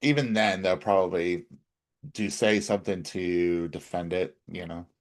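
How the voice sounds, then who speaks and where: Dry low-voiced man chiming in. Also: steady tone, unhurried. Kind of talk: casual political chat show.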